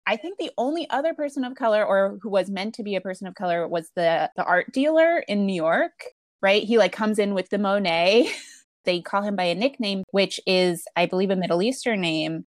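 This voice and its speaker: A woman's voice: fairly low pitch, dry recording, studio quality. A woman in a casual film discussion, speaking bluntly and critically, sometimes swearing.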